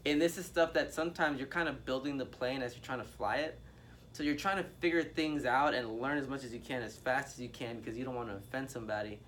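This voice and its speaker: A man's voice: mid-range voice, quick pace, a bit bright, a little hiss or hum. Candid man in casual discussion.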